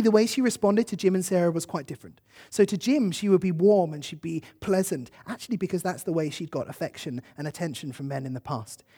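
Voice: mid-range voice, a little mellow. A preacher giving a sermon, telling a story in an earnest, emotive way and acting out the quotes.

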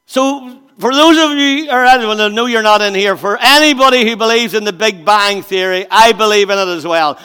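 Male preacher, high bright voice; storyteller who drops to asides and then bursts out loud. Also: normal speed, few pauses, smooth, big-room sound. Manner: storytelling with acted-out voices, swings between quiet asides and loud emphatic bursts. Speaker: pastor. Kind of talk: sermon.

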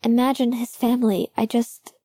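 A woman reading an audiobook, voicing a nervous young man who talks in halting, rushed confessions. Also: a little high, little pitch movement, dark tone, slightly rough, no echo, voice pushed up. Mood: anxious.

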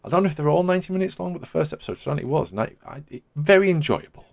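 A man's voice: fairly high pitch, lively intonation, rapid-fire, gravelly. A man, hosting a podcast in casual chat and rambling hesitantly with many hedging fillers. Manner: rambling, hesitant, full of "sort of" hedges. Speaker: podcast host.

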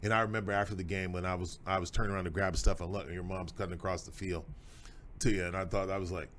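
Deep-voiced middle-aged host. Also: male voice, little pitch movement, fast talker, fairly bright tone, slight background noise. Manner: folksy, emphatic, proud father telling stories. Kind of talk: podcast conversation with his son.

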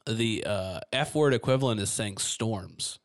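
A man's voice: lowish voice, a little slow, dry recording, studio quality. A man from East Tennessee co-hosting a casual book discussion podcast, talking in a rambling way full of fillers and laughs. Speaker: podcast co-host.

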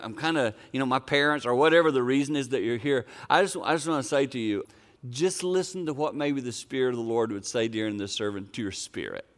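Older guy preaching, smooth clear voice, chatty and earnest like telling a family story. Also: medium pitch. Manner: conversational, earnest, folksy storytelling. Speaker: pastor. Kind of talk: sermon with personal story.

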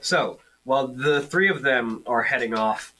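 An easygoing man runs a tabletop game and chats with his players between turns. His voice sits at a middling pitch and carries a teasing, relaxed tone. Steady hiss and noise sit under the recording. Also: a little slow. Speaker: game master. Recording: noisy home recording.

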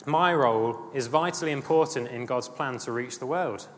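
A man's voice: medium pitch, normal speed, fairly bright tone. A man preaching a sermon, earnest and emphatic, often repeating his phrases. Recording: long hall reverb, faint ambient noise.

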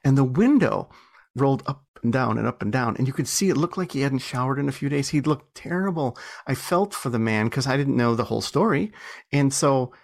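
Interviewed as an author and entrepreneur, this man tells stories casually, poking fun at himself, laughing a lot and restarting often. His medium-pitched voice has lively intonation and vocal fry, and he speaks a little fast.

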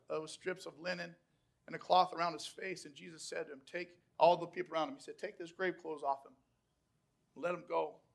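High bright-voiced male preacher. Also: vocal fry. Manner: dynamic preaching, swinging from hushed to shouted. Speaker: pastor. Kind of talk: sermon.

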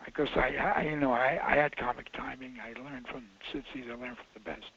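A man's voice: mid-range voice, steady tone, brisk, a bit bright. An older man, a film director, telling rambling, self-interrupting anecdotes in a casual interview. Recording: muffled dull interview audio.

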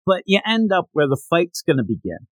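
A man hosting a podcast who gives a casual, animated recap of a comic chapter, with jokey asides. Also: on the high side, a little fast, no echo, poor audio. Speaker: podcast host.

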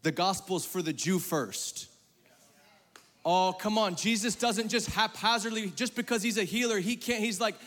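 A man preaching a sermon to a live congregation, talking conversationally and calling on the audience, moving between loud emphatic bursts and hushed, low passages. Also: moderate pace. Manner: conversational, calls on the audience to raise hands. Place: large hall with a congregation. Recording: long hall reverb.

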